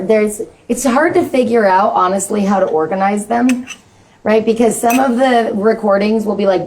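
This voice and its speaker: A woman's voice: mid-range voice, gravelly, a little mellow, a little hiss or hum, rough recording. A woman co-leading a devotional singing class, talking casually and thinking aloud with lots of fillers. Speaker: kirtan teacher.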